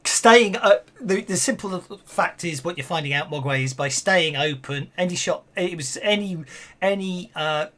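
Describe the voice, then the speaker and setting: Male tabletop game master with a slightly high voice; rambling delivery full of fillers and restarts. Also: normal speed, a bit bright.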